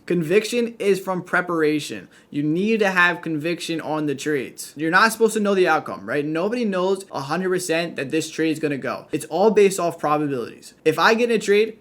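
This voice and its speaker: A man's voice: a little high, a bit bright. A young man coaching traders to camera in a blunt, emphatic, scolding way, often saying "you guys" and "right?". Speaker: trading coach.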